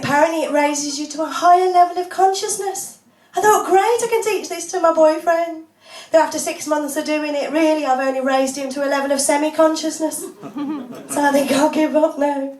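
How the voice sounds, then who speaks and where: A woman doing a stand-up comedy set of deadpan one-liners, laughing often. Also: high-pitched. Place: small pub comedy club, audience laughing. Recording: echoey room, voice from far off.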